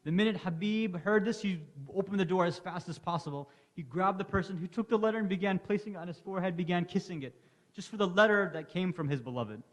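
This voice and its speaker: A male preacher gives a Muharram sermon with a fairly high voice, telling his story with passion. His words echo with the long reverb of a large hall. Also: fast. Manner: impassioned storytelling. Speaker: lecturer. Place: large hall at an Islamic center.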